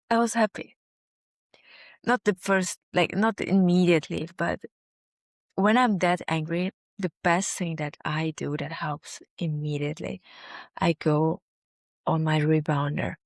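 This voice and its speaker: A woman in her forties talks straight to the camera in a casual health vlog. Her voice sits a little low, and the sound is dry and close. She tells her story in an emphatic, earnest way, and her phrasing is slightly non-native. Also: fairly even intonation, a little slow, pauses often, no room sound. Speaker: health video host.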